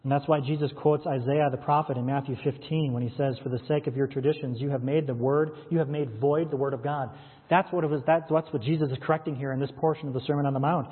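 A pastor preaching a sermon, reading scripture verses aloud and explaining them with rhetorical questions. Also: male voice, medium pitch, steady tone, fast, husky. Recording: echoey hall, tinny phone-like sound.

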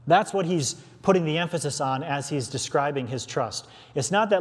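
A man's voice: medium pitch, expressive, a little fast. Man preaching in a reverberant hall. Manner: earnest expository preaching with restarts. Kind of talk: sermon.

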